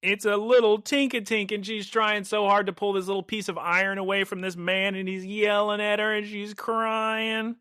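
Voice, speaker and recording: A man co-hosting a podcast, recapping an episode in animated, rambling casual chat and laughing often. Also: sits high, moderate pace, hardly any pauses, clear, resonant tone, no room sound, studio quality. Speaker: podcast co-host.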